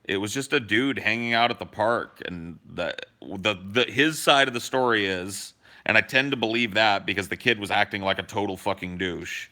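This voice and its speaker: A young man with a strikingly bright, forceful voice, chatting on a podcast. He tells stories with animated energy, swears casually and jumps into other people's voices for quotes. His voice sits a little lower than most men's. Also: moderate pace. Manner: animated storyteller, swears freely, acts out quotes. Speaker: podcast co-host.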